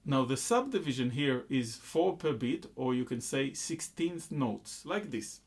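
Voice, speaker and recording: Slow, patient man teaching rhythm. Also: medium pitch, expressive. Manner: slow, patient explaining, breaking into chanted syllables and claps. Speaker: music teacher. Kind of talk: rhythm lesson with sung syllables.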